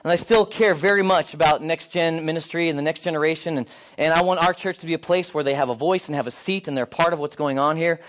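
A man's voice: fast, hardly any pauses. A middle-aged male pastor preaching a sermon, telling stories and acting out the dialogue in them. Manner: animated storyteller, acts out dialogue with rising pitch. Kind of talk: sermon with storytelling.

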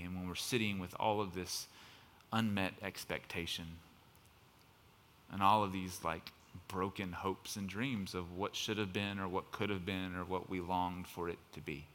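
A man's voice: sits low, steady tone, a little slow, a bit bright, slight background noise. A male pastor preaching a sermon in a conversational, impassioned way, sometimes building to emphatic outbursts. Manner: conversational preaching with fillers like "kind of".

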